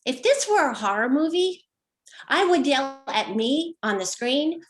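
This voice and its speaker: A woman's voice: sits high, sing-song, normal speed. A middle-aged woman performing a personal story with wry, dry humor, slipping into quoted voices now and then. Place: home, online show.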